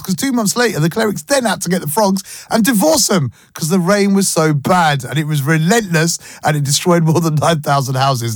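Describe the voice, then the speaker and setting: A man's voice: on the high side, dry recording, studio quality. Chatty radio host, man. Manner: chatty, storytelling, slangy. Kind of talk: casual radio chat. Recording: music bed behind voice.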